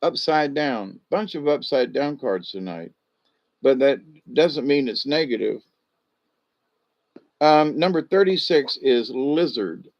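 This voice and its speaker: A man's voice: medium pitch, animated, takes it slowly. A man giving casual spiritual animal card readings in a drawling, folksy way, chuckling often, with a dull lo-fi sound.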